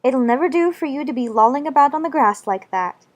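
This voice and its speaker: A woman's voice: sits high, animated, fairly quick. A woman voicing Alice, a prim, earnest young girl who likes to argue, in a full-cast audiobook. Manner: earnest, argumentative, slightly prim.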